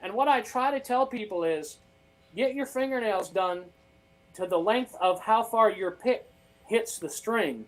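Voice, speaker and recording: A man from Maine whose accent has taken on a Southern drawl, a guest guitarist talking folksy and animated in a casual interview. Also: sits high, measured pace, low-quality recording. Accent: Southern drawl over a Maine accent. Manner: folksy and animated, calls people brother and man.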